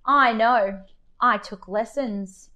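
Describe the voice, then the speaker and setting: A woman reads a picture book aloud for children at home, playful and animated in her delivery. Her pace is very slow and deliberate. Her voice sits a little above the usual. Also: on the high side, lo-fi sound. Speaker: children's story time reader. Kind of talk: children's story reading.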